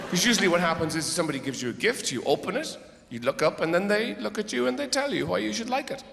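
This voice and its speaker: A fairly high-voiced man performs stand-up on a stage mic, wry and exasperated, his rambling asides breaking into sudden shouts. His voice rings through a large hall with long reverb, and steady background noise sits under it. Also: fast talker, gravelly. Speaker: stand-up comedian. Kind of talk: stand-up routine.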